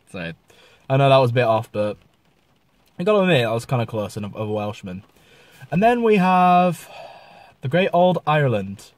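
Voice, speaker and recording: A man's voice: medium pitch, lively intonation, fairly quick, pauses often, a little mellow, dry recording. A man with a mix of Yorkshire and Southern English accents, chatting casually in a vlog and stumbling over his words. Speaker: vlogger.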